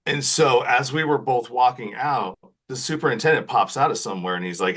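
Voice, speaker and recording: A man's voice: fairly low pitch, moderate pace. A man as a podcast guest, telling a long story in casual chat and often tagging his sentences with "right?". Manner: animated, repeats "right?" often.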